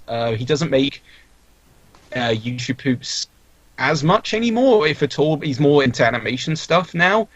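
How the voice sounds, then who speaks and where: A man's voice: medium pitch, dry recording. A young man, a podcast guest, talking casually and rambling with many restarts and fillers. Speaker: podcast guest, video creator. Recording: dull, dry lo-fi mic.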